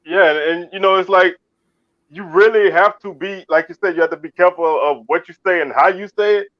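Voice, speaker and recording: Speaking fairly quickly in a high-pitched voice, a man from Baton Rouge, Louisiana co-hosts a casual sports chat show. He keeps restarting and repeating words. The audio is lo-fi, dull, and dry, with no echo.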